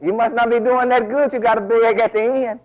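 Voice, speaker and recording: A man preaching a folksy, animated sermon full of asides, recorded as a dull lo-fi radio broadcast. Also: extremely high pitch, brisk.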